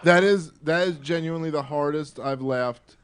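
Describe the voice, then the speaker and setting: A man's voice: a little high, normal speed, crowd noise. A man hosting a podcast, telling a story while he keeps breaking into laughter. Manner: laughs through his story, giggly. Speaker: podcast host. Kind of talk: casual chat.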